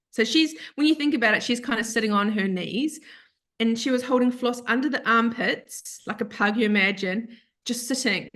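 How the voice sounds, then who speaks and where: A woman guest on a podcast, telling an emotional personal story in an animated, earnest way and acting out what other people said. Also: medium pitch. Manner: earnest, open about grief.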